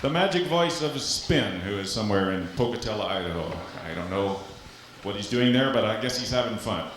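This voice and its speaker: A man from Louisiana doing live stand-up comedy on a club stage, with a punchy, animated delivery and vocal sound effects. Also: fairly low pitch, a little fast, background noise. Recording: echoey live club recording. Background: audience laughter.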